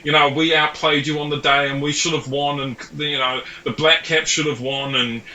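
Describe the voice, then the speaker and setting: A man's voice: fairly high pitch, fairly even intonation, moderate pace, bright, forceful tone, distant mic, slight background noise, pitched above the performer's own voice. A man putting on a New Zealand accent to voice an indignant, complaining male cricket fan. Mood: aggrieved whining. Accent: put-on New Zealand. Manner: whiny, indignant. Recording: roomy echo.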